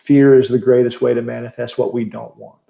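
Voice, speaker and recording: A man co-hosting a casual interview over a video call, calm and thoughtful, affirming his guest. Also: medium pitch, a little fast, gravelly. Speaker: co-host. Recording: roomy, dull lo-fi sound.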